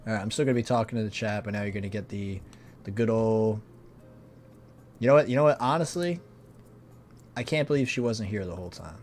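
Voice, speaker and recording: A young man with a low voice hosts a casual livestream and talks loosely to his chat. He uses plenty of slang and lets his sentences trail off quietly. Faint music plays behind him. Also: fast talker. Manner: laid-back, slangy, often trails off quietly. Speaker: streamer hosting a charity stream.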